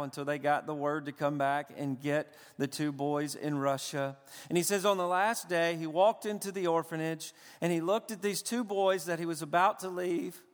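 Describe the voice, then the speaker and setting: A man preaching a sermon, moving from hushed storytelling to impassioned crying out. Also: on the high side, clean tone, big-room sound. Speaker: pastor.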